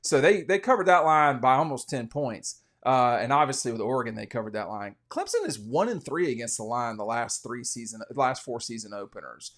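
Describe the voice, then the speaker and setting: A man's voice: medium pitch, sing-song, brisk, hardly any pauses, a bit bright. Opinionated man talking football odds. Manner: opinionated, rambling, frequent restarts. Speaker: sports podcast host. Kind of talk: casual sports betting commentary.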